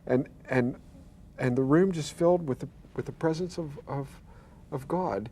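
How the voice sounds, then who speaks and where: A man's voice: mid-range voice, expressive, moderate pace, dark tone, husky. An older man, a pastor, telling his own healing story earnestly, acting out the voices he quotes and stammering now and then. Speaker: pastor and guest. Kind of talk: telling a personal testimony.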